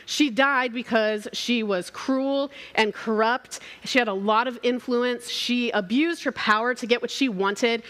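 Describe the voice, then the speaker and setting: Woman pastor telling a funny bible story, kinda high voice, playful and animated. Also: measured pace, few pauses. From Southern California. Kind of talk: sermon storytelling.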